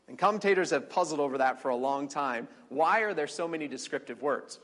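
A man teaching a conversational Bible study, chatty, with fillers and quick quoted asides. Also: fairly high pitch, big pitch swings, fairly bright tone. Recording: long reverberant hall.

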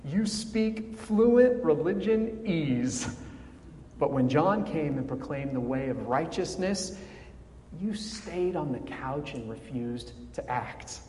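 A man preaches a sermon at an unhurried pace, leaning on dramatic pauses and dropping in wry asides. His voice sits a little high for a man. It carries through a large, echoing church hall with a faint murmur of ambience behind it. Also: darkish tone. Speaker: pastor.

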